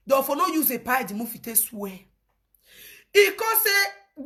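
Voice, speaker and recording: Nigerian woman, live-stream commentator, high-pitched and animated, often laughing. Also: moderate pace. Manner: laughs often, lively storytelling. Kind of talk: casual commentary in Pidgin.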